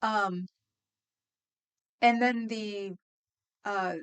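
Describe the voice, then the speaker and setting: A woman live-streaming in a loose, rambling way, with a voice of ordinary middle pitch. She chats straight to her viewers and laughs easily as she wanders from one thought to the next. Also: steady tone, clear, resonant tone. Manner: rambling, chatty, quick to laugh; talks to viewers in chat. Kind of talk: casual live-stream chat.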